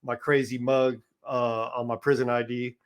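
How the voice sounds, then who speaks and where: This man is a podcast guest with a mid-pitched voice. He tells his story in a relaxed, conversational way and voices the people he quotes. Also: normal speed. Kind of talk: casual storytelling.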